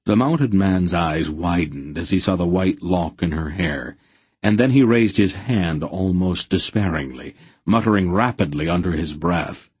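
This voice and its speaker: Audiobook narrator, man, deep and husky, slow, dry close mic. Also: no echo. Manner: measured, steady storytelling. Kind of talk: scripted narration.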